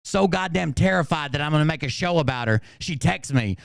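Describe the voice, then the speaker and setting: A man's voice: on the high side, expressive, brisk, vocal fry, clear, resonant tone, no room sound, studio quality. A man hosting a livestream, ranting in an angry, combative way and swearing constantly. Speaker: channel host.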